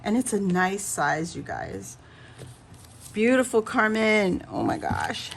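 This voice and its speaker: A woman's voice: lowish voice, slight background noise. A woman vlogger gushing over a craft haul in casual chat, a bit out of breath and laughing often.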